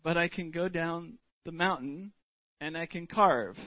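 A middle-aged male pastor delivers a sermon in a high-pitched voice at an unhurried pace. He speaks earnestly and deliberately, stretching words for weight. The recording is dry and a little dull. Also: no echo. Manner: earnest, deliberate, drawn-out emphasis.

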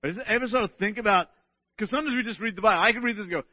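A male pastor delivering an animated sermon, often checking in with "right?" and restarting his words. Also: high-pitched, racing, dry recording, muffled recording.

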